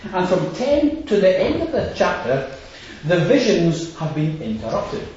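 A man's voice: high-pitched, sing-song, measured pace, darkish tone, slight background noise. A man preaching an expository sermon, stressing points and repeating phrases as he builds. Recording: echoey hall, distant dull lo-fi mic.

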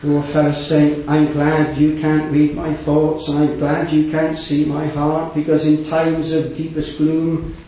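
A man preaches an earnest sermon in a fairly high voice, rising to loud, raised passages and dropping to hushed ones. He quotes scripture in old wording. The recording is distant, dull and lo-fi, with heavy echo from the hall. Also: completely flat delivery, measured pace, hardly any pauses, a little hiss or hum. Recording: echoey hall, distant mic, dull lo-fi sound.

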